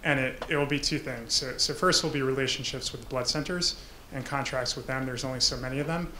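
A man, a social entrepreneur, answering judges in a halting way, repeating words as he starts. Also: medium pitch, heavy background noise. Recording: echoey room.

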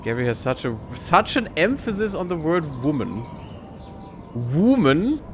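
A man's voice: fairly high pitch, sing-song, normal speed, noisy background. A man hosting a let's play, giving casual sarcastic commentary while he plays and swears freely.

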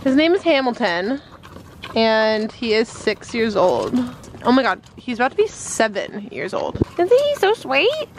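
In a low-quality recording with slight background noise, a very animated woman with a fairly high pitch talks to her handheld camera, its flip-up screen at arm's length. She's a vlogger and flight attendant filming out and about, at home and outdoors, chatty, self-deprecating, and quick to laugh.

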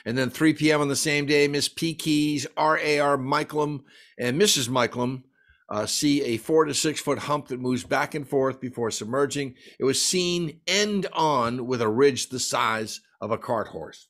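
A man's voice: mid-range voice, fairly bright tone. Enthusiastic man reading off sighting reports. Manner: enthusiastic, reads dates and sighting reports in quick lists. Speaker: folklorist giving a library talk. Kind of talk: lecture presentation.

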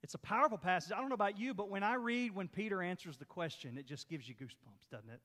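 Lively Southern preacher in a reverberant church. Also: male voice, high voice, fairly quick. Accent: Southern American. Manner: animated, folksy preaching with dramatic scripture reading. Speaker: pastor. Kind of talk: sermon. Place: church sanctuary. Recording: long hall reverb in church.

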